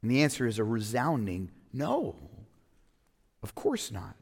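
A man preaching a sermon, opening in prayer and talking conversationally, slowing down to dwell on quoted scripture. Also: lowish voice, lively intonation, creaky, big-room sound. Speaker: pastor.

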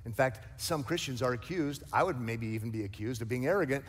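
A man's voice: mid-range voice, lively intonation, brisk, husky, long reverb tail. A male pastor preaching a sermon, emphatic and conversational, with light jokes and asides. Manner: emphatic preaching with rising, forceful stresses.

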